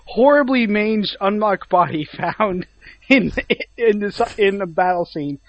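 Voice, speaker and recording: A young man with a high voice chats casually, adding joking asides between his laughs. His sound is dull and lo-fi, and very dry. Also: lively intonation, measured pace, no room sound. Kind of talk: casual chat.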